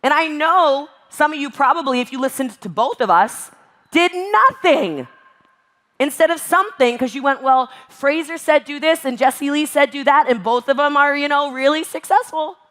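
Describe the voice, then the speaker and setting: A woman giving an emphatic, animated motivational talk at a virtual event. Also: sits high, normal speed. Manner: emphatic and animated, acts out exasperated voices. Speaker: network marketing speaker.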